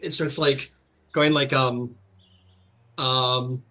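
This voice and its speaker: A man's voice: mid-range voice, expressive, unhurried, sharp tone, low-quality recording. A man narrating as game master, rambling with many fillers and restarts.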